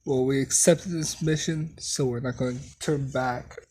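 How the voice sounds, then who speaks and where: A storyteller voicing a calm, protective female ninja squad leader, with a husky voice and frequent throat-clearing. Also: mid-range voice, unhurried. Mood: stern. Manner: steady, reassuring, then commanding. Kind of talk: fan story narration.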